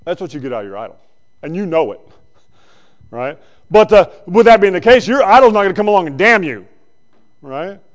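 A male preacher giving a conversational sermon that swings between loud bursts and quiet asides. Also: high voice, big pitch swings, brisk, long pauses.

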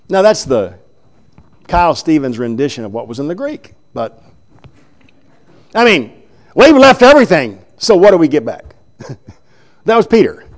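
A man preaching a sermon, retelling scripture in an animated, chuckling storytelling way. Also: fairly high pitch, measured pace, pauses often.

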